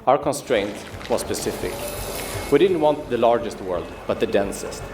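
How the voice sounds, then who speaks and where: A man, a game studio's creative director, giving a polished, measured scripted presentation. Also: medium pitch, expressive. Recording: roomy studio video with music underneath. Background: music.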